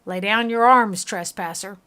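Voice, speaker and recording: A woman's voice: medium pitch, a little slow, fairly bright tone, clean tone, lightly acted. A woman with a Southern US accent voicing a towering, stern bearded male warrior who issues threats, read aloud from game text. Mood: threatening.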